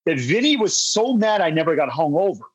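Husky-voiced man telling a story. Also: fairly high pitch, fairly quick, rough recording. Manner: animated storyteller, acts out quoted friends. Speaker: podcast co-host. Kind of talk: casual storytelling chat.

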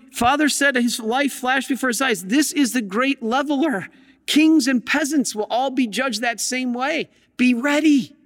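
A man's voice: very high-pitched, a bit bright. A man, a Catholic priest, giving a sermon with emphatic storytelling and rhetorical questions. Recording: long hall reverb.

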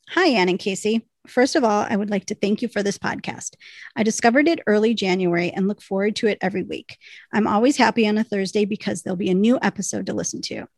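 A woman's voice: mid-range voice, vocal fry, darkish tone, dry recording. A woman co-hosting a podcast, chatting casually and reading listener emails aloud, breaking into laughter. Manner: chatty, reads letters with bursts of laughter. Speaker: podcast co-host.

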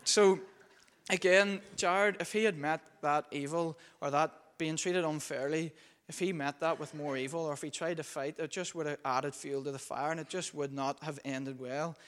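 Man preaching, even flat delivery. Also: on the high side, normal speed. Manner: conversational, many fillers while recounting a story. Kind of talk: sermon with storytelling.

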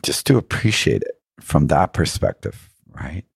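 A man with a very deep voice and a husky, grainy edge talks in a reflective, earnest way. He keeps stopping to ask himself questions. The sound is close and dry. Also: very animated, measured pace, dry recording. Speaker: interview guest. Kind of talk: reflective spiritual storytelling.

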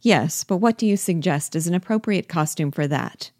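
A woman's voice: on the low side, animated, moderate pace, a little mellow, dry recording, studio quality. Torvald Helmer read by a woman, patronizing husband. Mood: jovial.

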